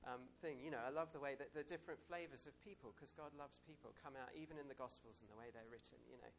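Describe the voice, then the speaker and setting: A man giving an informal sermon, talking it through in a relaxed, storytelling way. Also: fairly high pitch, quick pace, hardly any pauses, slight background noise. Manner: conversational, warm storytelling with soft asides and chuckles. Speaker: preacher.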